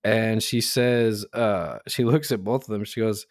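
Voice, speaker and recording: Speaking a little slowly in a fairly low pitch, this podcast co-host chats casually, laughing often through his anecdotes and putting on voices for the people he quotes. It's a dry, studio-quality recording.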